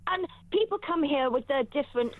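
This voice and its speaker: A woman's voice: high voice, animated, fairly quick, no echo. A woman joining a talk show by phone, emphatic and repeating her points for effect. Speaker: guest on a phone line. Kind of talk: opinionated talk show debate. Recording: dry, tinny phone line.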